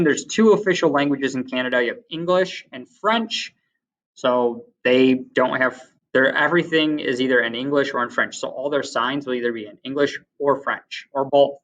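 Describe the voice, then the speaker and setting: A man's voice: medium pitch, a bit bright. Chatty man teaching, distant mic. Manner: chatty, many fillers, tells anecdotes. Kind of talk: casual classroom lecture. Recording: distant, dull lo-fi recording.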